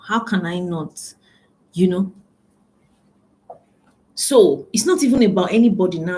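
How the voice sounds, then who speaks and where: A woman giving a motivational talk as a business coach, emphatic and repeating phrases for stress, calling her listeners ladies and gentlemen. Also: medium pitch.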